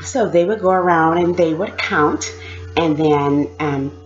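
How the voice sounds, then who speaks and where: A woman recalling her time in prison in casual storytelling, animated, often laughing and imitating other people. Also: deep voice, unhurried, muffled recording, faint music behind. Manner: animated, mimics voices, laughs while telling. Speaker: former prisoner sharing experiences.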